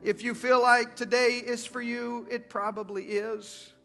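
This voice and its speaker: A man preaching a sermon as pastor, swinging from loud calls to hushed, dramatic lines. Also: very high-pitched, level tone, a little slow. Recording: long hall reverb with faint music.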